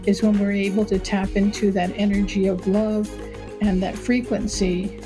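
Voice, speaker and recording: Brief: older woman guest, calm and reflective, flat even delivery, music bed underneath. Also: mid-range voice. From Navajo Nation, US. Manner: calm, unhurried, with many fillers. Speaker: guest, wisdom keeper. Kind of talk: reflective interview answer.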